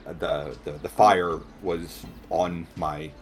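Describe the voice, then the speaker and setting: A man voicing a polite, burn-scarred blind assistant who speaks gently and stammers often. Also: deep voice, steady tone, slow, soft background music. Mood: haunted.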